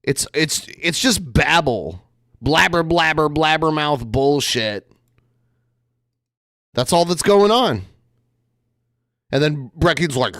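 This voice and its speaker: Podcast host guy, slow and sarcastic, voice jumps all over, dry close sound. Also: on the high side, lively intonation, fairly bright tone, no room sound. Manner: mocking, exasperated. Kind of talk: reaction commentary.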